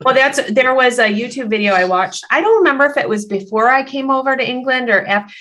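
A woman's voice: high voice, lively intonation, quick pace, sharp tone. Chatty Michigan woman, nasal twang. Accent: Upper Midwest American (Michigan). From Michigan, USA. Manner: chatty, laughs easily, trails off mid-sentence. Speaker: guest mortician. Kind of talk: casual podcast chat.

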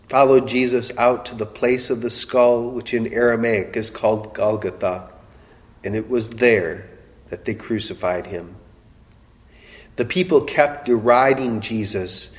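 Man, pastor, slow dramatic sermon, long church-hall reverb. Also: mid-range voice. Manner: slow, dramatic preaching with emotional quoted voices.

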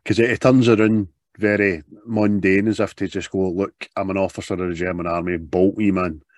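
A man's voice: low voice, brisk, no room sound, studio quality. A man, chatting casually with a co-host about a film and acting out its scenes. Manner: animated, puts on voices while retelling scenes. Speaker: podcast co-host.

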